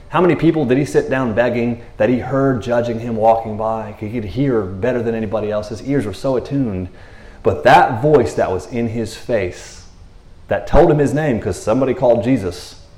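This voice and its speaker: This preacher keeps his sermon casual and conversational, staying animated, laughing frequently, and checking in with "you know what I mean" again and again. He speaks in a medium pitch, and the recording has a roomy sound.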